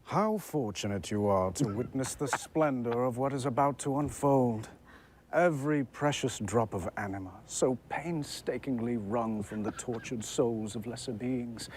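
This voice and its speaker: A man's voice: medium pitch, animated, slight background noise, pitched below the performer's own voice, natural voice. A man putting on a vain, cruel vampire lord. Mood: gloating. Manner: slow, theatrical, menacing.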